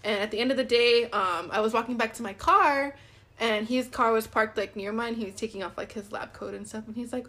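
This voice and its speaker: A woman's voice: on the high side, fairly quick, fairly bright tone. A young woman co-hosting a podcast, telling a dating story in a casual, chatty way, full of "like" and acted-out quotes. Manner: chatty, many "like"s, acts out quoted dialogue. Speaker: podcast co-host.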